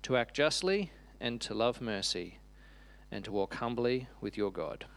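A man voicing a sweet little girl who reads a scripture passage slowly and carefully. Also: mid-range voice, expressive. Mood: earnest. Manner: slow, careful reading.

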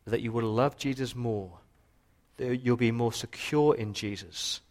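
A man preaching a sermon with passion, his voice rising for emphasis and dropping low for quiet points. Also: unhurried. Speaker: pastor.

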